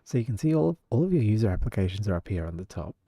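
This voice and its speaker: A man's voice: fairly low pitch, very animated, rapid-fire, husky, no echo, studio quality. A man with an Australian accent, chatting casually on a live stream, rambling and laughing often. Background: loud music.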